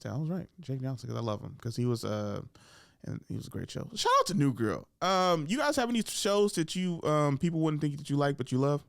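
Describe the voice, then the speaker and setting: A man hosting a podcast, slangy and profane, telling animated stories and acting out quotes. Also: fairly high pitch, brisk, vocal fry, dry recording, clean studio sound. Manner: animated storytelling, acts out quotes and drops into whispers. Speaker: podcast host. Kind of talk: casual podcast chat.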